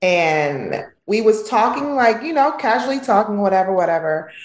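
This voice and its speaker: A woman comedian telling a story in a casual, slangy, animated way as a guest on a video call. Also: mid-range voice, normal speed, slight background noise. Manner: animated, slangy, punchy retelling. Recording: echoey room over a video call.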